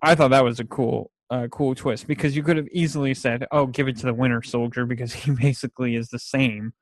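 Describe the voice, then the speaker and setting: A man in casual chat about movies, rambling and animated as he retells scenes. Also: mid-range voice, brisk, no echo.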